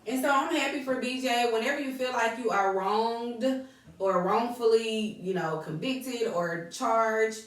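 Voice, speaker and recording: A woman's voice: on the high side, unhurried. Laughing woman podcast host, echoey room. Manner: animated, laughing, quotes people in put-on voices. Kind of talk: casual podcast chat. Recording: echoey room, mic at a distance.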